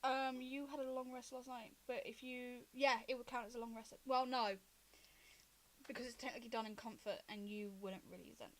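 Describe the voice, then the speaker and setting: High-voiced woman running a tabletop game. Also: fairly even intonation, a little fast. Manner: rambling, hesitant, with fillers and coughs. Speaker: game master.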